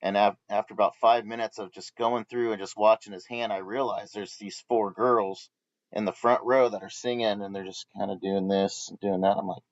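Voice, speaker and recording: Low-voiced man in a muffled, dry recording. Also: fairly even intonation, moderate pace, no echo. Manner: rambling storyteller, many restarts. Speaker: co-host of a live Bible study. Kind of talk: casual Bible study discussion.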